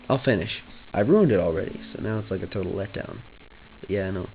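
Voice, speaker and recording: A man's voice: lowish voice, animated, fairly quick, gravelly, narrow, tinny audio, a little hiss or hum. A young man vlogging casually, joking offhand, trailing off and restarting his thoughts. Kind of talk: rambling casual vlog.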